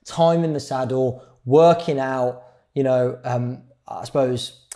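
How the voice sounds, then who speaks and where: A middle-aged man giving a public speaking workshop, shifting his pace and volume and pausing for effect. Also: medium pitch, fairly even intonation. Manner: varies speed and loudness, pauses for effect. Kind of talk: live workshop talk.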